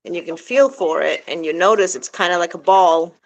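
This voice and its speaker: A woman's voice: lowish voice, fairly quick, rough recording. Woman, backyard poultry keeper, informal vlog chatter, coos baby talk at her birds. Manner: informal, many "like" fillers. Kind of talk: casual vlog narration.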